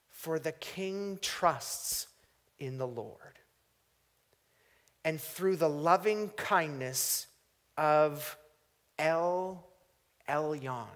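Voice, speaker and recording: A man preaching a sermon, reading scripture aloud and swinging from booming emphasis to hushed, drawn-out phrases. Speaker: pastor.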